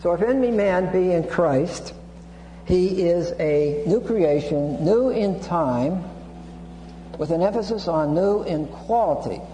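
A man's voice: sits high, animated, takes it slowly, warm tone. A man preaching an expository Bible sermon, teaching with frequent restarts and asides. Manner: teaching, digresses with repeated restarts and Greek terms. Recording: echoey hall with hum.

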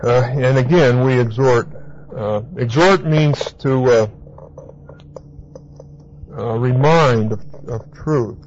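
A male preacher teaching scripture in an emphatic, repetitive way, stressing key words and spelling out terms letter by letter. His voice sits at an ordinary middle pitch. The recording is dull and lo-fi, with a faint hiss underneath. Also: slow pace, long pauses, darkish tone. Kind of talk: Bible teaching sermon.

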